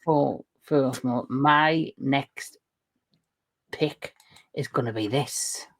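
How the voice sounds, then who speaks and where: A man's voice: mid-range voice, drawn-out words, creaky. A man hosting a casual movie review chat, jokey and talking with many restarts and self-corrections. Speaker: show host.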